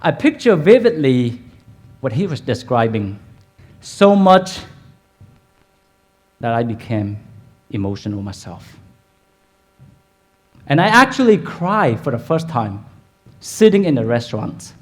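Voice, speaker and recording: A man with a Vietnamese accent, a dentist, telling his story in an animated keynote speech at a hotel event, asking the audience questions. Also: mid-range voice, unhurried, pauses often, slightly rough.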